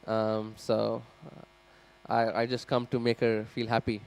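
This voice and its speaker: A man's voice: lowish voice, completely flat delivery, slow pace, vocal fry, darkish tone, clear, resonant tone, voice pushed down, rough recording. A man voicing a skeptical, modern young husband who speaks in a sarcastic, challenging way. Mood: offhand.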